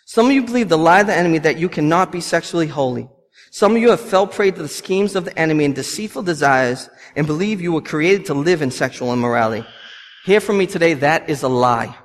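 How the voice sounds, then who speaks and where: A man's voice: fairly high pitch, expressive, fast talker. A man, preaching a sermon with passion and repeating lines for emphasis. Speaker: pastor. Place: church. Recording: long hall reverb.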